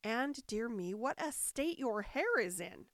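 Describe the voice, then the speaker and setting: Polite, curious young Alice, as a woman reader voices her, speaking gently and a touch timidly. Her voice is lifted slightly above the narration. It is recorded dry, with no room around it. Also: a little high, big pitch swings, measured pace, no room sound, voice pushed up, full character voice. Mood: gentle.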